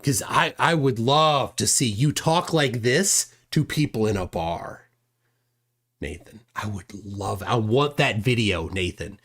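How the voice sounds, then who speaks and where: A man's voice: lowish voice, a little slow, fairly bright tone. A man hosting a livestream, commenting indignantly on a clip and reading chat aloud. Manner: indignant, reads chat aloud, frequent "right?". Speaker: livestream host.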